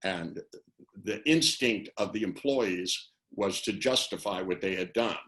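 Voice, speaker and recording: Deep-voiced and a bit bright, an older man speaks a little slowly as the interviewee in a casual webinar. The NLP trainer rambles through anecdotes on the video call, acting out the phrases he quotes.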